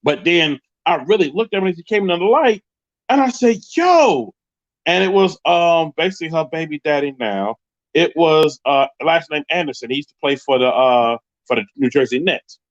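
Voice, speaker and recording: Animated New man telling a story. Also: on the high side, a little fast, dry recording, lo-fi sound. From Queens, New York. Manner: animated, acts out the voices of people in his story. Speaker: live show host telling a story. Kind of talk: casual storytelling on a livestream.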